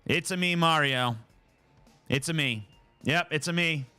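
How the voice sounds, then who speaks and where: A man's voice: a little high, a little slow, sharp tone, clear, resonant tone, faint music behind. A man putting on the voice of a cheerful male video game plumber, bouncy and sing-song with an exaggerated cartoon accent. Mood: chirpy.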